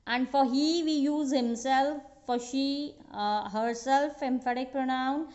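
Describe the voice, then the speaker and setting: A woman teaching a recorded school grammar lesson, slow and patient, with frequent fillers and restarts. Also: high-pitched, a little mellow. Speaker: English teacher. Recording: dull echoey room recording.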